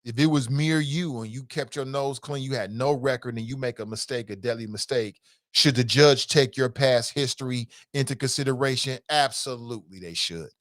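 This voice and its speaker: A middle-aged man hosting a talk show, reading viewer comments and answering them in an animated, emphatic way. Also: medium pitch, no room sound, clean studio sound. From United States. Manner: animated, emphatic, drawn-out repetitions. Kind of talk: casual live-stream talk.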